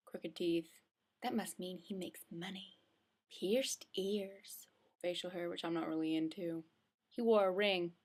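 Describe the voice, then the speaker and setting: A young woman vlogging from home, telling a casual, rambling story full of likes and restarts. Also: medium pitch. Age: young adult. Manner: chatty, rambling, with many filler likes and restarts. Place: indoors at home, with hood up.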